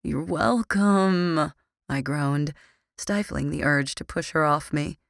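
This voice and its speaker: A woman's voice: deep voice, steady tone, a little slow, vocal fry, a bit bright, no echo. A woman reading a first-person audiobook with a dry, sardonic, grumbling manner. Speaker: audiobook narrator.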